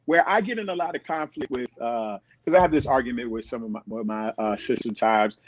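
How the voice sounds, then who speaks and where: A middle-aged man appears as a podcast guest, telling stories in casual talk and animatedly acting out the voices of the people in them. His voice is mid-range and fairly quick. The sound is dull and dry, with no room sound.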